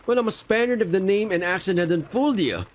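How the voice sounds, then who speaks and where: A man's voice: high voice, expressive, fairly quick, voice pushed up. Boastful male falcon sailor, read by a man, friendly and a bit showy. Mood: chatty. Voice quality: friendly, show-off tone.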